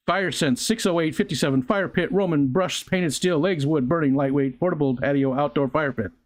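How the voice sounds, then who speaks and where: Older male livestream host, casual halting chatter, reads comments and drifts between topics. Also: mid-range voice. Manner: rambling, halting, with frequent restarts and fillers. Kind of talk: casual live chat reading viewer comments. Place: outdoors near a pond.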